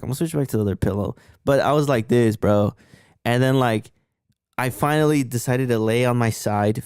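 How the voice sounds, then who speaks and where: A man's voice: medium pitch, darkish tone, clean tone, dry recording, studio quality. A young man co-hosting a podcast, telling loose, profane stories in casual chat. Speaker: podcast co-host.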